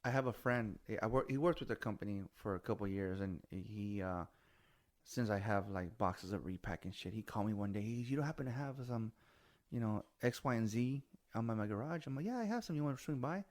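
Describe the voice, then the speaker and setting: A man's voice: lowish voice, fairly quick. A man in his forties hosting a casual chat, telling stories animatedly and swearing freely, with bits of Spanish. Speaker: podcast host.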